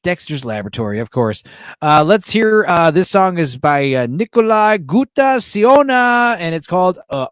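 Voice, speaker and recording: A man's voice: on the high side, moderate pace, clear, resonant tone, no room sound, studio quality. An American man hosting a casual livestream chat, rambling and swearing freely as he answers viewers. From United States. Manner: profane, rambling, animated; reads and answers chat messages. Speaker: podcast host.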